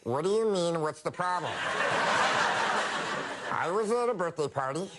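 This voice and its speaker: A man voicing a man stuck with a squeaky helium voice, complaining frantically in a comic talk-show bit. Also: lively intonation, moderate pace, noisy background, lightly acted. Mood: frantic complaint. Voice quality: squeaky, strained high voice.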